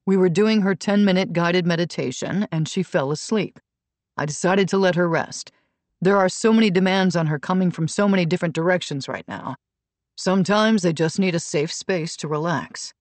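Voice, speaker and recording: A woman narrating an audiobook voices a smooth, controlling male personal trainer who talks calmly and patronizingly. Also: fairly low pitch, normal speed, dry recording, lightly acted. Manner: calm, soothing, condescending.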